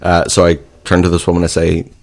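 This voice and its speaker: A man's voice: deep voice, monotone, fairly quick, gravelly. A man co-hosting a podcast, telling a long rambling story in casual chat, full of fillers and swearing. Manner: rambling, profane, with many fillers. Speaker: podcast co-host.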